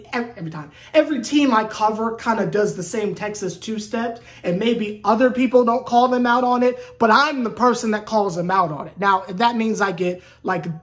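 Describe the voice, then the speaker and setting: A woman sports YouTuber talking in a casual, rambling vlog rant. She is sarcastic and keeps restarting her sentences. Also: on the high side. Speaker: sports YouTuber covering a basketball team.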